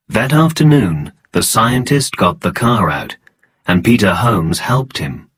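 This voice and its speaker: Slow, husky male storybook narrator. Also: on the low side, very animated, a bit bright.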